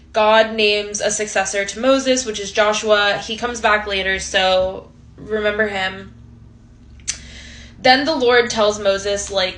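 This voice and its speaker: Young woman, casual bible recap, slangy and ironic, bright voice, phone camera. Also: medium pitch. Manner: chatty, slangy, ironic, many likes. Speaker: host.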